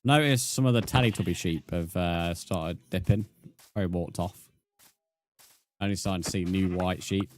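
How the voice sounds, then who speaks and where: With a low-pitched voice at normal speed and slight background noise, a young British streamer chats casually while gaming. He reads his chat aloud, replies to viewers, and says "mate" in a relaxed way.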